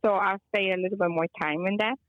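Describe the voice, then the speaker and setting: This guest calls in from Chicago for a casual chat, an energy healer whose story wanders and who drops Spanish phrases as she goes. Her mid-range voice is fast and fairly even in intonation. The phone audio is dull, with no room sound.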